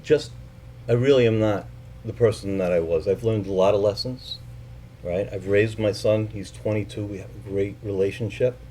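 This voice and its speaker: Telling a personal story to a live audience, a middle-aged man speaks in a fairly low voice, lively and foul-mouthed while impersonating the people involved. He becomes quiet and hesitant when talking about his family, and a little hiss or hum is present.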